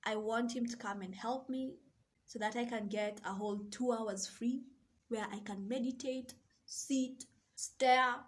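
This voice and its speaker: A woman coach sharing a slow, soft and deliberate reflective monologue. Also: on the high side. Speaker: self-love and mindset coach.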